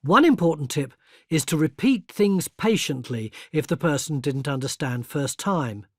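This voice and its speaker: An older man narrating a scripted educational video, explaining patiently and clearly and speaking example phrases kindly. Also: on the high side, expressive, moderate pace, no echo, clean studio sound. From England. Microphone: close studio mic.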